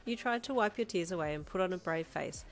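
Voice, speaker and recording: Female narrator, slightly low voice, reading second-person fanfic with feeling. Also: expressive, fairly quick, soft background music.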